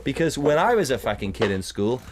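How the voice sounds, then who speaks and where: Sweary animated man telling stories. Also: mid-range voice, a little fast, noisy background. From United Kingdom. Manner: sweary, animated storytelling with mocking put-on voices. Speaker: podcast co-host. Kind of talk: casual chat.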